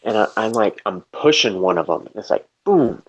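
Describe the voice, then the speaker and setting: Low-voiced man rambling through a story. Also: lively intonation, normal speed, rough recording. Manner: rambling, profane, filler-heavy storytelling. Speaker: storyteller in a live debate chat. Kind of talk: casual chat.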